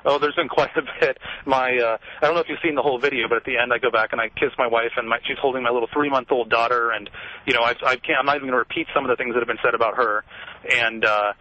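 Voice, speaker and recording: A man's voice: mid-range voice, steady tone, rapid-fire. A young man calling in to a radio show, talking earnestly and with passion. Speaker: caller. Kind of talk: radio call-in. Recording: dull phone line.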